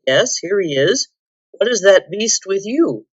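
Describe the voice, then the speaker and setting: A woman's voice: mid-range voice, big pitch swings, measured pace, slightly rough, dry recording, muffled recording, voice pushed up. A woman voicing a noble, courtly king. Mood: urgent. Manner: formal, old-fashioned courtly speech. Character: noble grown man, a king, courteous and commanding.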